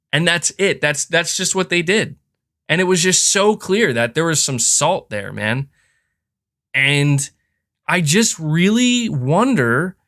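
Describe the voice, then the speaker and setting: With a fairly high, slightly bright voice, a man hosts a podcast and vents in a casual, frustrated way. His opinionated chat is packed with fillers and restarts.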